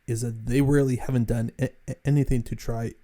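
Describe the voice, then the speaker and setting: A man's voice: medium pitch, little pitch movement, fairly quick, dark tone. A man co-hosting a casual podcast, stammering and repeating words as he makes his point. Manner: stammering repetitions when making a point. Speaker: podcast co-host.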